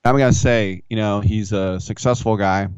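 Low-voiced, rambling sports radio host. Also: male voice, fairly even intonation, normal speed, a little mellow, smooth, dry recording. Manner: rambling, self-mocking storytelling. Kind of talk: casual sports talk radio. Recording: dull, dry studio sound.

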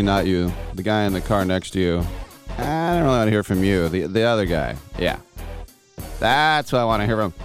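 A man hosting a sports radio show, opening it with wisecracks and a rambling rundown of guests. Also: lowish voice.

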